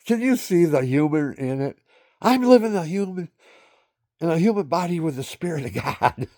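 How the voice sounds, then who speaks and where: A man's voice: a little high, moderate pace, gravelly, no room sound, studio quality. A man in his seventies talking to his viewers in a rambling personal monologue, laughing often and breaking into silly sound effects. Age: 70s. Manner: animated, laughing, barking asides. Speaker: vlogger.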